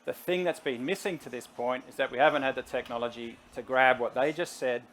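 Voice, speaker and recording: A man's voice: medium pitch, a little fast, slight background noise. A middle-aged man, a CEO guest making his case energetically in an on-stage interview. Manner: energetic, persuasive, talks to the audience directly.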